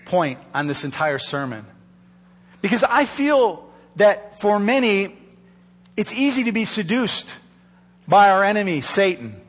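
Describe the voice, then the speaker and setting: Earnest high-voiced preaching man. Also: a bit bright, long reverb tail. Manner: earnest pleading preaching, slows for emphasis. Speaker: pastor. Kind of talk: sermon. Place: church sanctuary. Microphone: microphone.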